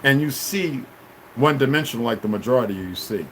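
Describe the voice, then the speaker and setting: A man ranting on a livestream at his chat, confrontational and full of cursing, swinging between shouting and low muttering. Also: animated, fast talker, a little hiss or hum. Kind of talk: profane livestream rant.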